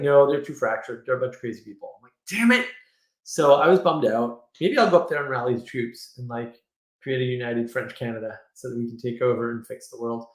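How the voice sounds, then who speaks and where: A man hosting a casual livestream, talking in an opinionated, rambling way with quick asides. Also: mid-range voice. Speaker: livestream host. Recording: roomy echo.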